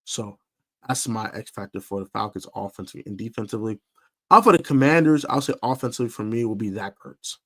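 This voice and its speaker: A man's voice: fairly low pitch, fast. A man hosting a live stream football preview, talking emphatically, repeating himself for stress and using fillers. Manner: emphatic, animated sports talk with fillers and repeats. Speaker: sports podcast host.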